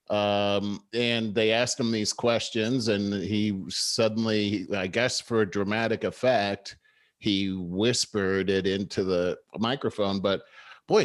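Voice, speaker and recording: A low-voiced man hosts a talk show and tells political stories in an easy, measured way. The sound is dry and close, with no room around him. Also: no echo. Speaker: show host. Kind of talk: casual political commentary.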